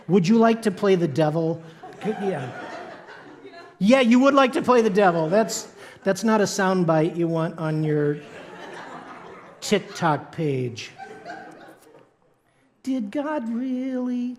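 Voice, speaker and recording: A man's voice: high-pitched, takes it slowly, long pauses. A man preaching a sermon in a church, playful and joking with the congregation. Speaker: pastor. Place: church sanctuary.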